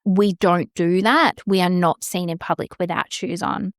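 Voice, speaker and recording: A woman's voice: fairly low pitch, fairly even intonation, a little slow, no echo, studio quality. Frank woman telling her story. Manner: frank, swears freely, acts out quoted exchanges. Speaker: podcast host. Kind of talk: candid personal storytelling.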